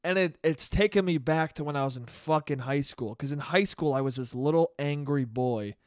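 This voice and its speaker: Young guy, fairly high voice, dry close sound, swears a lot and mocks himself in a loose solo podcast rant. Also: moderate pace, no room sound. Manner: profane, rambling, self-mocking. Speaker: podcast host and comedian. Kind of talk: casual solo podcast monologue.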